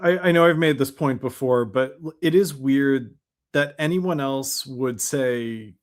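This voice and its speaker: A man's voice: mid-range voice, measured pace. Critical male podcast co-host. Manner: critical, stammering restarts while making a point. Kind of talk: casual chat.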